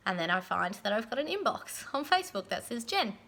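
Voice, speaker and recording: A young woman giving chatty, casual advice in a vlog, often checking in with "yeah?" and filling pauses with "um". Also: mid-range voice, big pitch swings, creaky, fairly bright tone. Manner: chatty, frequent "yeah?" tag questions and ums. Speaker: pole and aerial competition vlogger.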